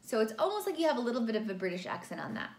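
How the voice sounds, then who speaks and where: A woman teaching a singing lesson, explaining vowels clearly and demonstrating them by singing. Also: fairly high pitch, very animated, very fast. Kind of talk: vocal lesson with sung examples. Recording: roomy sound with faint music behind.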